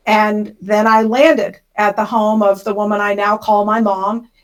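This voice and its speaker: A woman's voice: mid-range voice, flat delivery, measured pace. A middle-aged woman, a podcast guest, telling her life story in a vivid, emotional way. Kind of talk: storytelling interview.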